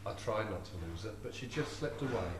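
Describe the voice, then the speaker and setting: A poet performs comic verse live before an audience at a venue, his delivery rhythmic and playful. His voice sits on the low side with lively intonation and a brisk pace, captured far from the mic. The room is echoey, with faint ambience and a noisy background.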